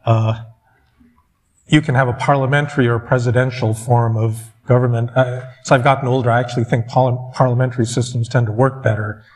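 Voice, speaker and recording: A man's voice: medium pitch, fairly even intonation, a little fast. A man on an academic panel, speaking in a thoughtful, hedging way and restarting his thoughts as he works through an argument.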